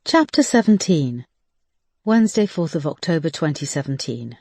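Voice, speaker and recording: An audiobook narrator reading a thriller in a measured storytelling manner. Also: medium pitch, big pitch swings, darkish tone, slightly rough, dry recording. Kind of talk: scripted narration.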